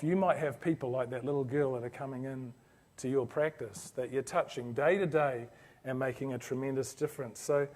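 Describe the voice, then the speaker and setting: On the high side with a darkish tone, a man's voice carries a motivational business story to a live orthodontics audience. He's earnest and anecdotal, restarting his sentences frequently.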